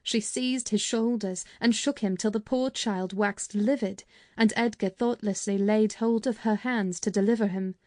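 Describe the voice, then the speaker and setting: A woman reads an audiobook aloud in a steady, measured storytelling style. Her voice sits at medium pitch, and the scripted narration has studio quality with no echo.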